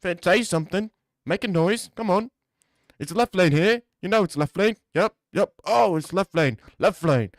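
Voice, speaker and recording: A man voices a crude, cocky young British guy. He sounds needy and pushy, and his voice sits higher and louder than his normal speech in a dry, close recording. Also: animated, moderate pace, no room sound. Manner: pushy, needy, keeps saying come on.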